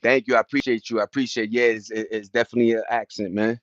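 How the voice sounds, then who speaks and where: A man's voice: mid-range voice, flat delivery, fast, no echo, highs cut off. New York man chatting on a livestream. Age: 40s. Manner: streetwise slang, greeting chat viewers by name. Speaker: livestream host. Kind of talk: casual livestream chat.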